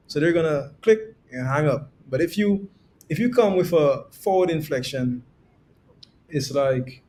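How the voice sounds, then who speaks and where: A man coaching on sales, explaining in a relaxed podcast conversation and acting out little quoted examples. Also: on the high side, normal speed, slight background noise. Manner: demonstrates tones with quoted examples, laughs easily.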